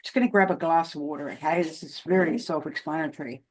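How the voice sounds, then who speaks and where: Older woman, Australian accent, lowish voice, emphatic, casual talk to camera. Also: fast talker, few pauses, darkish tone. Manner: emphatic, keeps checking in with okay. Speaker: crypto commentator.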